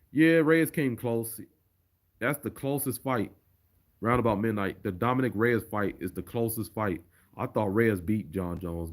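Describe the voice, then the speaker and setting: A man chatting casually on a livestream and reading viewer comments aloud. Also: on the low side. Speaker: streamer.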